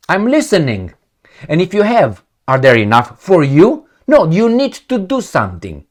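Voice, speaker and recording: An irritated man reads news articles aloud and rips into them, swinging his voice up and down as he talks. His tone stays sarcastic and profane, and he speaks straight to his audience as a solo commentator. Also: fairly high pitch. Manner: angry, sarcastic, ranting; profane, addresses viewers directly. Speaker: political commentator.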